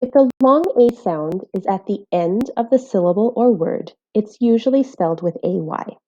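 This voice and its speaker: A woman teaching phonics in a scripted voice-over, speaking clearly and carefully while sounding out letters. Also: medium pitch, animated, normal speed, mellow, highs cut off. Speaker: literacy teacher.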